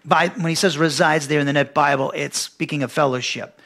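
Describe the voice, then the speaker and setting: A middle-aged male pastor teaching a Bible lesson verse by verse. He reads scripture, then explains Greek words in a measured way, often pausing with fillers and restarting his sentences. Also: fairly high pitch, steady tone, vocal fry, fairly bright tone.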